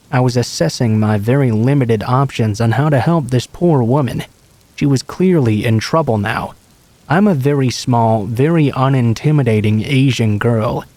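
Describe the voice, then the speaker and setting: A man narrating a true scary story in a calm, even reading voice. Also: medium pitch.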